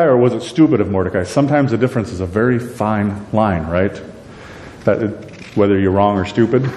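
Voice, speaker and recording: A middle-aged pastor preaches with an animated, joking delivery and quizzes his listeners. His voice is mellow, not bright. It rings through a large church hall with a long reverb and a faint rumble underneath. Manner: animated, acts out characters in quotes; jokey, asks the congregation questions. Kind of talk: sermon. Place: church sanctuary.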